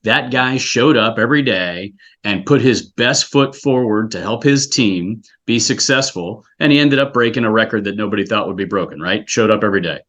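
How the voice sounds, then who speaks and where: A man's voice: lowish voice, moderate pace, few pauses, a bit bright, highs cut off. A man from South Florida, a scouting executive director, talking earnestly and reflectively in an interview, often restarting his sentences. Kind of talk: casual interview chat.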